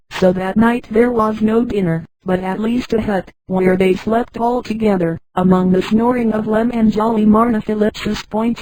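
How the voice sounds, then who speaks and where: A woman narrating a science-fiction story in a flat, synthetic reading that speaks punctuation aloud. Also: medium pitch, poor audio.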